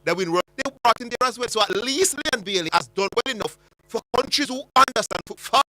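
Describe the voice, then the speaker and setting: Fast, bright-voiced Jamaican man. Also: very high voice, no echo. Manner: animated and argumentative, stumbles and repeats words. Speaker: sports radio host. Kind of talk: heated sports talk radio debate.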